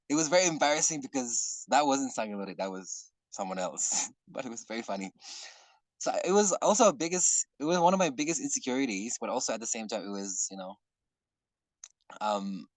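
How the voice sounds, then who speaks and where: A man leading an online workshop in casual talk, earnest and rambling, often clearing his throat. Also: mid-range voice, animated, brisk, dry recording, poor audio. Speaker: workshop facilitator. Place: online video call.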